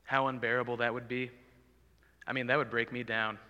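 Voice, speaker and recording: A man preaching a sermon in an earnest, pleading way, at times swelling loud for emphasis. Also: medium pitch, flat delivery, brisk, clean tone, lo-fi sound. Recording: long hall reverb.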